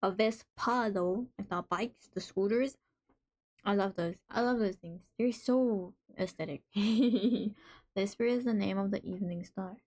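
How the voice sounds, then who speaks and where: A woman's voice: mid-range voice, a little slow, a little mellow. A woman hosting a live stream in casual chat, reading out messages from viewers and reacting to them playfully. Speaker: livestream host.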